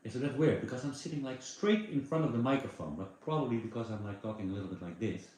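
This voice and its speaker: A man's voice: mid-range voice, fast, darkish tone. A man hosting a casual livestream, chatting loosely with many fillers and answering viewer comments into a phone microphone. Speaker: livestream host. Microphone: phone with attached microphone. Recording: very echoey room, faint background noise.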